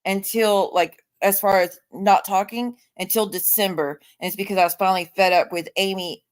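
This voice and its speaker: A woman's voice: mid-range voice, fairly even intonation, normal speed. Chatty woman hosting a livestream. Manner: chatty, reads viewer comments aloud. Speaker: livestream host. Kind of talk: casual livestream chat.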